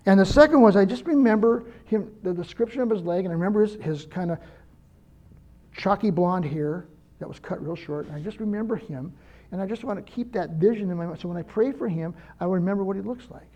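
Older guy pastor, highish voice, chatty earnest sermon, kinda muffled lo-fi sound. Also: fairly quick, warm tone. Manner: earnest, personal, anecdotal. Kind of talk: conversational sermon.

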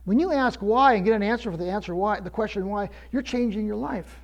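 A man's voice: high-pitched, brisk, gravelly, lo-fi sound. A man preaching a sermon as pastor, often repeating words as he restarts, rising for emphasis.

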